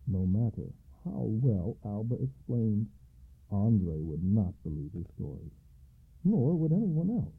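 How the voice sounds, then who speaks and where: A man hosting a radio story program and reading a tale aloud in an expressive, dramatic way. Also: lowish voice, unhurried, gravelly, husky. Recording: tinny lo-fi radio broadcast.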